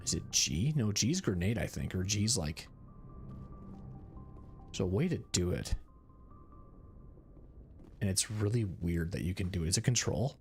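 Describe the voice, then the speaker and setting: A man's voice: deep voice, sing-song, measured pace, long pauses, faint music behind. A man streaming a video game, chatting casually in a rambling, cursing way. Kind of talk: casual gaming commentary.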